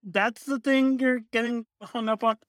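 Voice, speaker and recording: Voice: mid-range voice, fairly even intonation, measured pace, no room sound, studio quality, pitched above the performer's own voice, lightly acted. A player voicing a blunt, emotional young woman mage student in a tabletop game. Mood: bickering. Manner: blunt, bickering.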